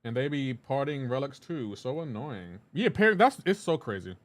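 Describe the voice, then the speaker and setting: A man's voice: mid-range voice, animated, normal speed. A man live streaming a game, talking loosely with his chat and greeting viewers by name. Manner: talks to chat viewers while playing, loose and chatty. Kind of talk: casual live-stream chat reading comments.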